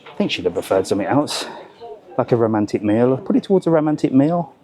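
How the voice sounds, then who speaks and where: A man's voice: medium pitch, sing-song, quick pace, dark tone. A middle-aged British man filming a casual travel vlog as he walks through airport shops, joking and exclaiming at the prices. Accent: British English. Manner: chatty, jokey, exclaims at prices. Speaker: travel vlogger. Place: indoors in a large airport shopping area.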